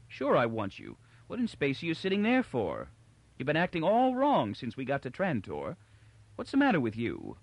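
Through a narrator's voice, a man gives a harsh, impatient young husband. His questions come sharp and pressing, with a lively pitch and dry, close sound. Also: brisk, no room sound.

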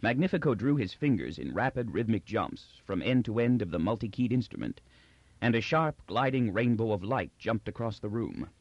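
An audiobook narrator, a man with a lowish voice, reads a story at normal speed with lively expression. It's scripted narration on a dull, lo-fi, dry recording.

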